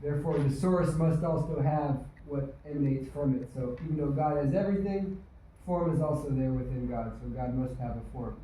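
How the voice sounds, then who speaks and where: A man's voice: medium pitch, fairly even intonation, moderate pace, dark tone. A man answering in a class, explaining an argument step by step with some restarts. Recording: very echoey room, far from the mic, faint noise.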